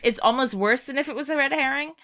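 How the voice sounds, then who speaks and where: A woman co-hosting a podcast, explaining a video game puzzle in an animated, chatty way. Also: high-pitched. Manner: animated, explanatory, quick to laugh. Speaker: podcast co-host. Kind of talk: casual chat about a video game.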